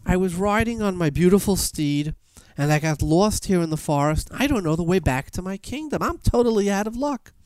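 A man's voice: high-pitched, lively intonation, brisk, few pauses, a little mellow, smooth, no room sound, pitched above the performer's own voice. A man voicing a lost young princess in a fable told during a sermon, breathless and pleading. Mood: forlorn.

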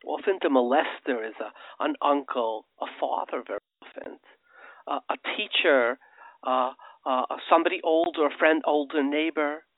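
A man's voice: on the high side, moderate pace, dry recording. A man hosting a radio show, speaking in an impassioned, preacherly monologue that swells into emphatic outbursts. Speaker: radio host. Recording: narrow phone-like radio sound.

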